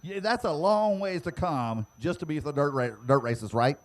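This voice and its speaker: A man announcing prize giveaways to the crowd at an outdoor dirt racetrack, teasing fans and shouting to get them to answer. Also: on the high side, lively intonation. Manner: loud, teasing, drawn-out shouting. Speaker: track announcer giving away prizes.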